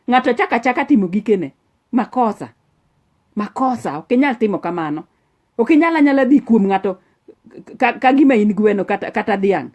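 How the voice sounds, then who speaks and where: A woman's voice: on the high side, darkish tone. A woman preaching a sermon, earnest and scolding, switching into English often.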